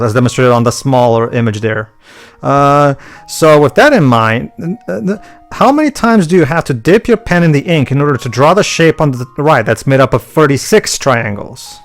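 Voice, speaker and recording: Halting man hosting a game let's play. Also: fairly high pitch. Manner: halting, lots of restarts and stammers. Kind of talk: game commentary.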